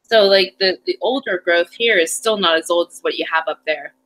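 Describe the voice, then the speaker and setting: A woman's voice: fairly low pitch, brisk, a bit bright, rough recording. A woman chatting casually, explaining local history in an easygoing way. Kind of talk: casual chat.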